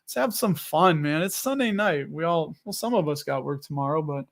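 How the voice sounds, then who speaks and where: A man's voice: fairly high pitch, lively intonation, normal speed, gravelly. Chatty American man hosting a stream. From United States. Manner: loose and chatty, reads viewer comments aloud. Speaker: host of a live dividend investing stream. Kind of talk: casual live-stream chat.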